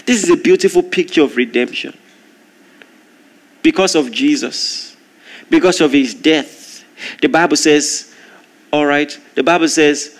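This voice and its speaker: A man preaching a sermon, telling a story with lively, animated delivery and acting out the voices in it. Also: a little high, measured pace, pauses often.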